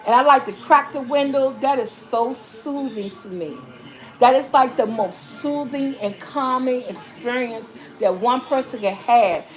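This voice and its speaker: A woman's voice: on the high side, unhurried, soft background music. A woman hosting her own vlog, chatting loosely with viewers and reading their comments, rambling and repeating herself as she talks and calling them y'all. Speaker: vlogger host. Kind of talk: casual live-stream chat reading viewer comments.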